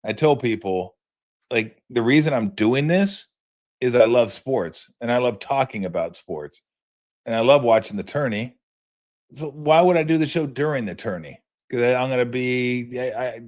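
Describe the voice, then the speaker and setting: At normal speed and medium pitch, a man tells a story on his own sports podcast, casual and animated. He laughs now and then, restarts sentences, and uses plenty of fillers.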